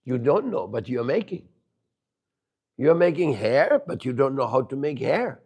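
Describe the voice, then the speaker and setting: A man's voice: fairly high pitch, a little mellow, breathy edge. A man teaching a spiritual lesson to a live group in a room. He questions his listeners, jokes, and stresses key words. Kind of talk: devotional lecture to a live group. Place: room with a small audience.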